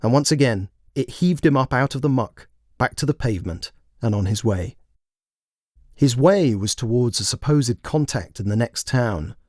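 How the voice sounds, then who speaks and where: A man reading his own written story aloud in measured, plain scripted narration. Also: mid-range voice, a little mellow, dry recording, clean studio sound. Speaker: author and narrator.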